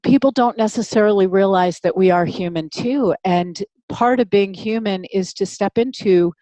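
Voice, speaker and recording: A woman's voice: mid-range voice, moderate pace, dark tone, no room sound. A woman hosting a parenting podcast, affirming and encouraging toward her guest. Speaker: podcast host and parenting coach. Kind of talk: warm affirming interview conversation.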